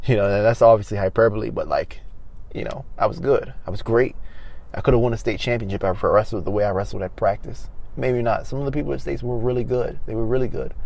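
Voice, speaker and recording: A young man hosts his own podcast and tells a personal story in a relaxed monologue. He leans on fillers, restarts, and quick reenactments of what people said. His tone moves between excited bursts and calmer reflection. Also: lowish voice, gravelly. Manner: animated, filler-heavy, reenacts dialogue. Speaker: podcast host.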